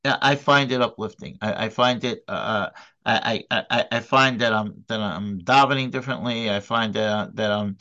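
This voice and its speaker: A man gives a religious study class in a bright, forceful voice. He is earnest and emphatic, and his speech keeps stalling on repeated words and restarts. The recording is dull and lo-fi. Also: lowish voice, moderate pace. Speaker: Torah class teacher. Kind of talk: informal recorded lecture.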